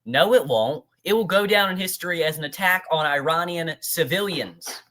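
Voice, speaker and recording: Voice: medium pitch, normal speed, pushed and bright. A political commentator reacting in a heated rant, scornfully talking back to a speaker as if face to face. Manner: ranting, addresses the speaker directly, scornful.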